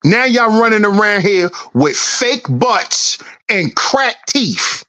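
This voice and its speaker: Slow, swooping woman host, teasing rhetorical rant, repeats herself. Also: expressive, a bit bright. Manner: teasing, sing-song, repeats questions; swings in pitch, drawn-out words. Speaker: channel host.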